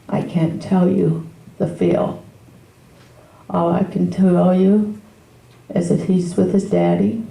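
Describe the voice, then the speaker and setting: An older woman giving a memorial eulogy as the mother of the deceased, telling stories slowly and tenderly. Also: lowish voice, mellow. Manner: slow, tender storytelling. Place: memorial service hall. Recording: roomy hall from far off.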